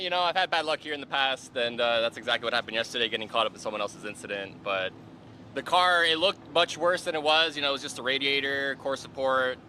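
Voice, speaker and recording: Relaxed male driver, bright tone. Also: a little high, slight background noise. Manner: relaxed, thankful, rambling. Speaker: race driver. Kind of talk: casual interview. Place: outdoors in pit garage.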